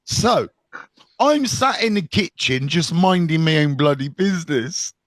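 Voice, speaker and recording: A man's voice: on the high side, animated, unhurried, no room sound. A middle-aged British man hosting a casual live stream as a recovery mentor, blunt and jokey, swearing freely as he talks. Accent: British English. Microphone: phone live stream.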